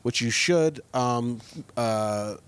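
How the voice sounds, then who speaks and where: A man's voice: mid-range voice, drawn-out words, clean tone. A man co-hosting a podcast as a comedian, joking and laughing in casual chat. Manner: animated, laughs often, jokey.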